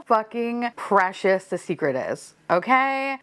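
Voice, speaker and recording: A young woman vlogging an unboxing in casual chat, excitable, laughing and swearing freely at what she finds. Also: medium pitch, normal speed.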